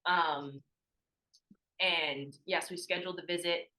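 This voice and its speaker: Slow and steady in tone, a young adult woman with a fairly low, sharp voice guests on a podcast, recalling stories casually from her days as a college athlete. The audio is poor; she's chatty, full of "like," and acts out quoted speech.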